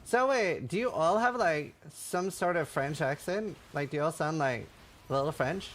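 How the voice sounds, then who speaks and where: A man's voice: on the high side, expressive, moderate pace, a bit bright, a little hiss or hum. A man streaming casually, joking and chatting with his viewers. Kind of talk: casual livestream chat.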